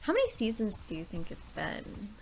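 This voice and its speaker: A woman hosting a let's play, chatting casually and thinking aloud, now and then dropping to soft asides. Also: mid-range voice, wildly swooping pitch, moderate pace, creaky, a little hiss or hum. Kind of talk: casual gameplay commentary.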